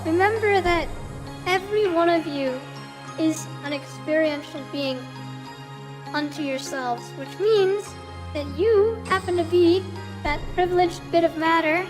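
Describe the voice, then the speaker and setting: A woman streamer with a very high voice gives a slow, earnest pep talk to her chat. She pauses now and then to search for her words. Her voice carries a long reverb tail over faint music.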